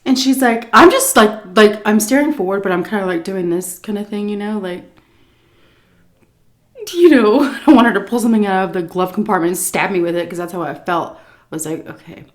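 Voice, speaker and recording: A woman telling a casual story-time tale as a food vlogger, animated and full of fillers, acting out scenes as she goes. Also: mid-range voice, a little fast. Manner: animated, lots of fillers and laughs, acts scenes out.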